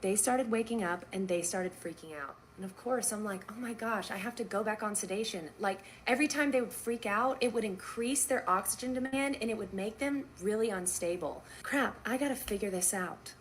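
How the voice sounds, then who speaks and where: A young woman, a nurse, telling a story casually and acting out the dialogue with lively swings in her voice. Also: normal speed, few pauses, slight background noise. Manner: animated, acts out quoted dialogue with big pitch jumps.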